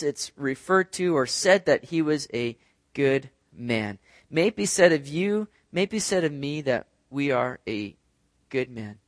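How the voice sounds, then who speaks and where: Speaking in a fairly high voice with no echo, a man delivers a sermon during a church service. He talks to the congregation like it's a conversation, frequently tossing in "right?"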